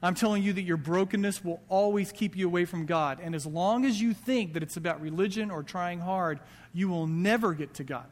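High-voiced man preaching in a hall. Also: fairly quick. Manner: conversational preaching with quoted asides. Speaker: pastor. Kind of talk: sermon. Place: church sanctuary.

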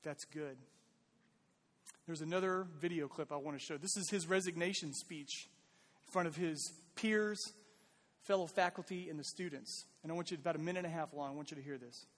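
A man's voice: a little high, brisk, big-room sound. A man preaching a sermon as pastor, earnest and conversational, pleading with his listeners.

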